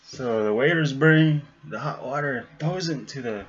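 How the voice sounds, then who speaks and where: A man's voice: mid-range voice, unhurried. A man telling a long joke, laughing often as he goes, recorded on a webcam with dull lo-fi sound.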